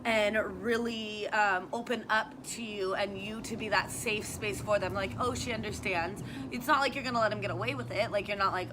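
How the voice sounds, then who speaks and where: A woman's voice: mid-range voice, moderate pace, hardly any pauses, a bit bright, a little hiss or hum. A woman who teaches youth yoga, talking earnestly in a casual outdoor discussion and thinking aloud with plenty of fillers. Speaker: youth yoga and wellness instructor. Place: outdoors in sunny weather.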